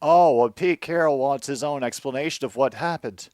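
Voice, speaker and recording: A man hosting casual live commentary on a football game, moving from dry asides to excited outbursts. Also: medium pitch, normal speed, dry recording.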